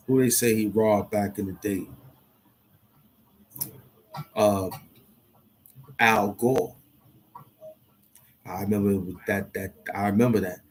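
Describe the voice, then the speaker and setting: A man talks to himself in a loose, thinking-out-loud monologue, stopping short and circling back over the same words. His voice sits somewhat low. A faint hiss of background noise runs under the recording. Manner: hesitant, repeats himself, talks to himself. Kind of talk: rambling monologue, thinking aloud.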